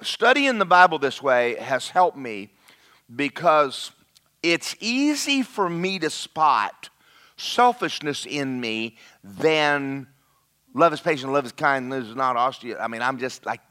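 A man preaching a lively, conversational sermon and talking straight to his congregation. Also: mid-range voice, measured pace.

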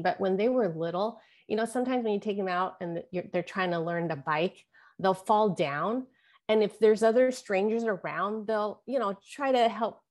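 A woman in her forties telling an earnest, halting personal story as an interview guest. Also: medium pitch, gravelly. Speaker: guest, author and podcaster.

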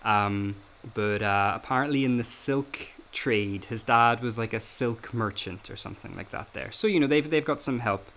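A man's voice: medium pitch, moderate pace, few pauses, fairly bright tone, a little hiss or hum. A man hosting a casual analytical chat, hesitant, with many fillers and restarts. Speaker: podcast host.

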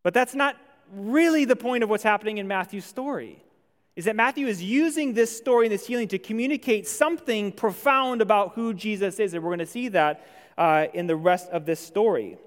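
Male pastor, high-pitched, chatty conversational preaching, church hall reverb. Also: fairly quick. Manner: conversational, animated when voicing imagined objections. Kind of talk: sermon.

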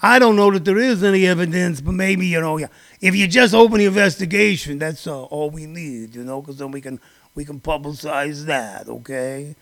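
A man's voice: fairly high pitch, normal speed, fairly bright tone, voice pushed down. A man voicing a hesitant, evasive older politician who mumbles through fillers. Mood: sly.

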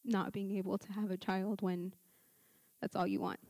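Speaking at a moderate pace with little pitch movement, a young woman at a church service relates her personal testimony as a story with acted-out dialogue. She uses a handheld mic, her voice is medium-pitched and dark in tone, and there is no echo.

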